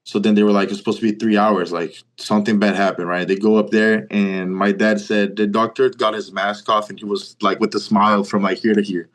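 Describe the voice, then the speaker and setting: His voice sits on the low side, and he talks briskly with few pauses. In his twenties and from Brazil, with a Brazilian accent and Portuguese as his native language, he casually tells a story as an interview guest, animatedly acting out quoted lines and often saying "like."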